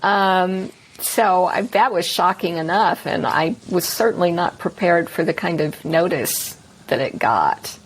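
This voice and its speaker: A woman's voice: lowish voice, measured pace, hardly any pauses, breathy edge. A woman from north of Dallas with a Texan accent, answering interview questions as an author in a modest, self-deprecating way. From Texas, north of Dallas. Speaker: author guest.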